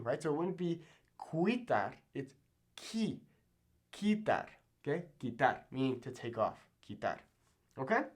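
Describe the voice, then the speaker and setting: A young man teaching Spanish pronunciation in a casual video lesson, with a Mexican Spanish accent in his Spanish words and an animated manner, checking in with frequent "okay?". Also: a little high.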